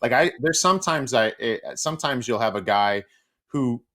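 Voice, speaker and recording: Guy cohosting a chat show, ex hockey player, tells stories all lively and loose, swears a bit. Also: mid-range voice, moderate pace. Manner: animated storyteller, swears freely, many fillers. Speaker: co-host, former hockey player. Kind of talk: casual storytelling chat.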